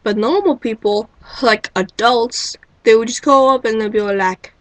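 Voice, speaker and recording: Woman, webcam vlogger, slightly high voice, wry rambling with endless rhetorical questions. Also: a little slow, dry recording, poor audio. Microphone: built-in webcam mic.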